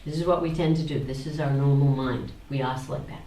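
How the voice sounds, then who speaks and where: A woman's voice: rumbling low, steady tone, fast talker, warm tone, roomy sound, recorded from a distance, slight background noise, poor audio. A woman teaching a spiritual talk to a small group, asking them questions and repeating phrases in a singsong.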